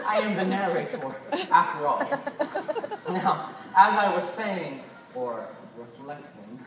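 A teenage girl with a lowish, expressive voice speaks slowly over a loud crowd, playing a bossy, flustered stage narrator in a school chapel comedy skit. She stammers and puts on a British accent. The recording comes from an echoey hall with a distant mic and music.

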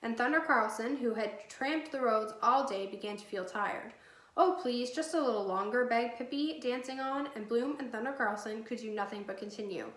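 A woman teacher reading a children's chapter book aloud, steady and clear. Her voice sits a bit high. The sound is roomy, with a clear echo. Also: normal speed, few pauses. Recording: echoey room.

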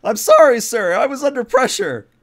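A man's voice: very high-pitched, very animated, normal speed, gravelly, heavy background noise, pitched above the performer's own voice, exaggerated voice. A man doing a flustered nervous crewman.

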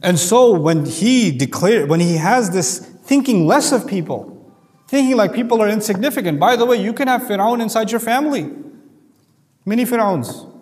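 Man, high voice, earnest lecturer, emphatic repetition, long hall echo. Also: expressive, moderate pace, a little mellow. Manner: earnest, emphatic, repeats key phrases. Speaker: Quran teacher. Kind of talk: Quran commentary lecture.

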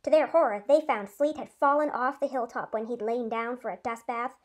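A teacher reading a story aloud to her class, in a lively, expressive way. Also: fairly high pitch, brisk.

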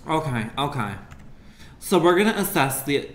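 A man's voice: medium pitch, normal speed, sharp tone. A young adult man doing casual, crude, rambling commentary while streaming a game. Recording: roomy echo with faint ambient noise.

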